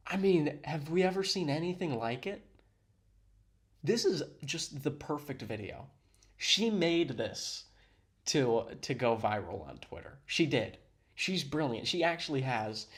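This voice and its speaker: A man hosting a reaction video, giving sarcastic, mock-admiring commentary. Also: medium pitch.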